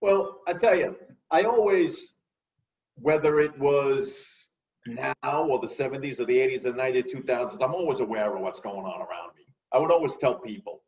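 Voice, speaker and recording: A man telling lively stories in a casual conversation. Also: medium pitch, moderate pace, recorded from a distance, dull audio. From New York. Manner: animated, acts out voices in his stories. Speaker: guest.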